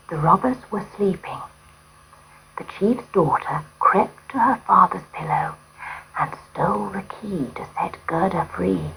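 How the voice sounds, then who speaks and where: A woman narrating a storybook in a gentle, expressive way. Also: fairly low pitch, measured pace, gravelly, husky, low-quality recording.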